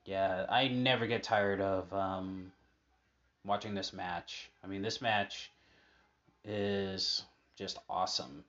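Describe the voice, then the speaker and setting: A man's voice: deep voice, steady tone, slow pace, a bit bright, dull audio. A man casually chatting over old match footage, rambling with many fillers and asides. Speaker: fan commentating on old matches.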